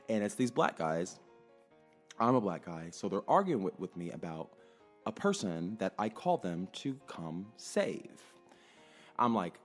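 Man, low voice, very lively pitch, casual exasperated storytelling, swears, faint music behind. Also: normal speed. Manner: animated and exasperated, swears freely. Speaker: research clinic worker telling a story.

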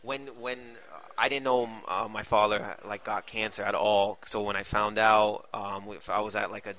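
A man's voice: on the low side, flat delivery, moderate pace, bright, forceful tone. A man, a stand-up comedian, telling rambling stories in casual podcast chat. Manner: rambling storyteller, acts out voices.

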